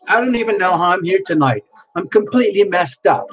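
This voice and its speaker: A man's voice: high voice, animated, a little fast, lo-fi sound, soft background music. A worn-out man hosting a tarot livestream, rambling casually and greeting viewers by name.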